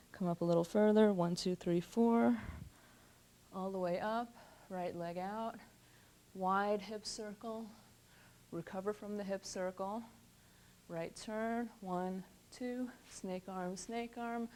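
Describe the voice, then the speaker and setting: Female dance teacher, counts out each beat in short cues, mid-pitched voice. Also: darkish tone. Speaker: dance instructor. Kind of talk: step-by-step dance instruction.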